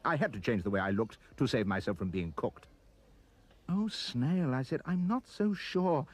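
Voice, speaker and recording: A man reading a rhyming children's story aloud in an expressive voice. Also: medium pitch, normal speed, husky.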